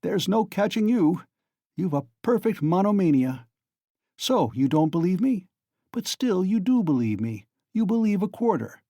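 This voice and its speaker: A man's voice: high voice, very animated, moderate pace, mellow, dry recording, clean studio sound, pitched above the performer's own voice, heavily acted. A man reading aloud and voicing a sly, genial male magistrate who coaxes and teases with mock friendliness. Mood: teasing. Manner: coaxing, insinuating, mock-friendly.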